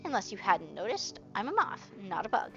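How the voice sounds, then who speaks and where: A woman voicing a squeaky, cheeky young male mothman creature who teases and snaps back. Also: wildly swooping pitch, fairly quick, highs cut off, faint music behind.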